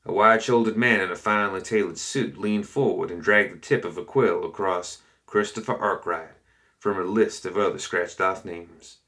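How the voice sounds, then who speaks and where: Low-voiced man narrating a story. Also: fairly even intonation, moderate pace, a bit bright. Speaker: audiobook reader.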